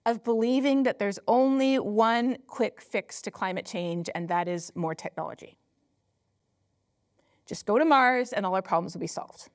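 A woman climate scientist giving a public lecture, telling stories with emphatic rhetorical questions and frequent laughter. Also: a little high. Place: lecture hall at a company headquarters.

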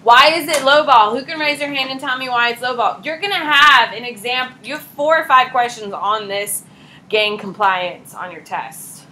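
A woman's voice: fairly high pitch, normal speed, slight background noise, low-quality recording. A woman in her thirties, a teacher giving a chatty classroom lecture and quizzing her students. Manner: lively, chatty, asks the class questions.

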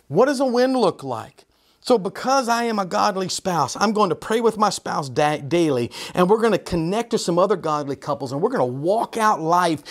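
A man preaching an earnest sermon as pastor, asking rhetorical questions with emphasis. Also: high-pitched. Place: church sanctuary.

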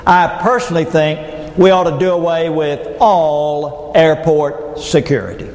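Unhurried and steady in tone, a middle-aged man with a fairly high, slightly mellow voice delivers a lighthearted motivational keynote. He trades in folksy stories and punchlines for an audience in a large, echoey hall with long reverb.

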